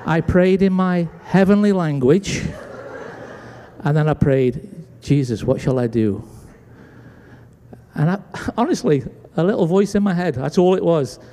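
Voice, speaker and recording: In a church sanctuary echoing with long hall reverb, a pastor from Britain preaches and performs his story's dialogue as an animated storyteller. His voice sits high, and he talks at normal speed.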